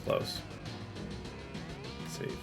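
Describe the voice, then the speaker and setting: A man's voice: extremely slow, faint music behind. A man streaming live, chatting casually while setting up an avatar, often slipping into playful theatrical bits.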